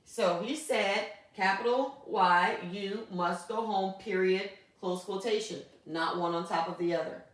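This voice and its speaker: A woman teacher explains a grammar lesson in a patient voice and often stops to check that her students follow. Her voice comes from some distance away in a strongly echoing room, and she slows right down to dictate words one by one. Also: mid-range voice. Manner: patient, checks in with frequent "okay?". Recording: echoey room, voice from off mic.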